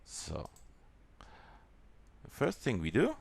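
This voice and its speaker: A man with a German accent walking through a software tutorial in a halting way, with many pauses and fillers. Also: mid-range voice, wildly swooping pitch, vocal fry, a little hiss or hum. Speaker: software demonstrator.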